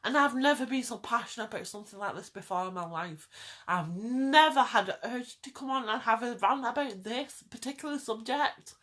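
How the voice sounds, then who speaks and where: A woman's voice: a little high, normal speed, a bit bright. Impassioned woman ranting to camera. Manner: urgent, pleading, repeats phrases for emphasis. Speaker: vlogger. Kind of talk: impassioned direct-to-camera rant.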